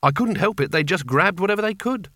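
A man voicing a sharp-tongued young woman warrior who speaks bluntly and sounds exasperated. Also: high voice, lively intonation, fast talker, no room sound, clean studio sound, pitched above the performer's own voice, heavily acted.

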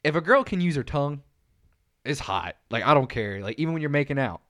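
A man co-hosting a podcast in casual chat, telling crude stories bluntly and dropping to a hushed voice for the details. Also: a little high, lively intonation, brisk. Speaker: podcast co-host.

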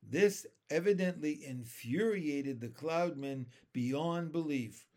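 A man reading a children's novel aloud, deliberate and expressive. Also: on the high side. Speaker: storyteller.

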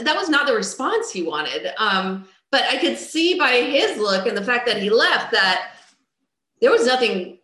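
A middle-aged woman telling her own life story as a personal testimony, candid and raw, moving from low and quiet to loud outbursts. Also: gravelly. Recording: roomy echo.

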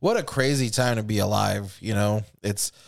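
A man's voice: fairly low pitch, moderate pace, vocal fry. Profane young man telling stories. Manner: profane, animated storytelling. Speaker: podcast co-host. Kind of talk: casual chat.

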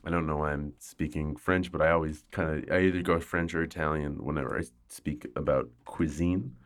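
A man with a very low, deep voice hosts his podcast from home in casual chat. He rambles and jokes at his own expense, a little tipsy. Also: fairly even intonation, brisk. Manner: rambling, joking, self-mocking. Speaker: podcast host. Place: home, hot room without air conditioning.

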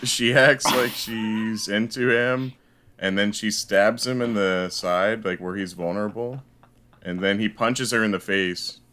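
A man's voice: on the low side, a little slow. A man co-hosting a podcast, casually recapping a movie's plot. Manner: recapping plot in steady narration. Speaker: podcast co-host.

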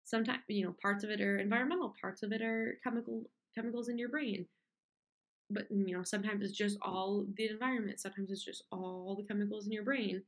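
A woman's voice: medium pitch, fairly even intonation, quick pace. A young woman talking candidly on her own, rambling through her points with lots of fillers and restarts. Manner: candid, rambling, with frequent fillers and self-interruptions; mocks complainers with whiny put-on voices. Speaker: podcast host. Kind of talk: casual solo monologue.

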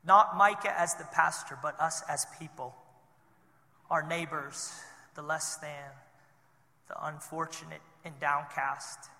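Male pastor, conversational sermon with animated bursts, high, sharp voice, reverberant church hall. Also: slow pace, gravelly. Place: church sanctuary.

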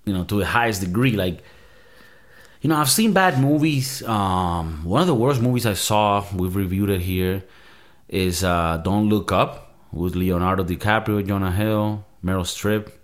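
A man's voice: lowish voice, unhurried. A man hosting a movie review show, ranting in a casual, profane, exasperated way.

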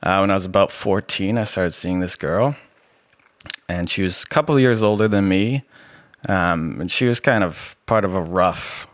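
A man with a soothing voice, sharing his personal story as a podcast guest in a relaxed, rambling way with many fillers. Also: sits low, normal speed, dry recording. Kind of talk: casual personal testimony.

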